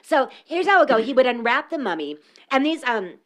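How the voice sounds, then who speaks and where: Woman host, slightly high voice, laughs a lot while storytelling in loose podcast banter. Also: brisk. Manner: laughs often, lively. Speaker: podcast host telling the history. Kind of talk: casual comedic storytelling.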